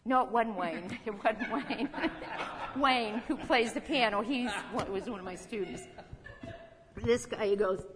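A woman's voice: on the high side, unhurried, crowd noise. Older woman teaching in a long-echo hall. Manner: folksy, chuckling asides and rhetorical questions. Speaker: Bible teacher. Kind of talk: conversational Bible teaching. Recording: reverberant hall.

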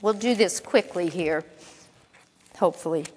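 A woman's voice: fairly low pitch, a little slow, darkish tone, slight background noise. A woman teaching a sermon, reading Bible verses aloud and explaining them in a conversational way with asides to her listeners. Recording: long echo of a large hall.

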